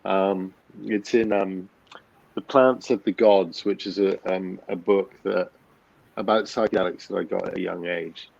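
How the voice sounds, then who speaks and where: A man's voice: low voice, fairly even intonation, measured pace, vocal fry, darkish tone, lo-fi sound. A man in his fifties, a guest telling a personal story in a blunt, candid way, swearing freely and often restarting his sentences. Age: 50s.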